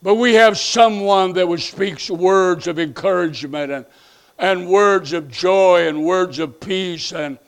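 A man preaches a sermon in a high, resonant voice with a gravelly edge. He climbs into loud pleading runs, then drops soft and low, repeating his phrases for emphasis. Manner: swings between loud pleading rises and soft low passages. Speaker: pastor.

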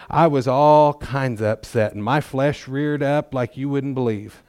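A man's voice: medium pitch, measured pace, hardly any pauses, darkish tone, clean tone, no room sound. A middle-aged man giving a testimony in church, talking in a folksy, conversational way with self-deprecating humor. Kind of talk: sermon testimony.

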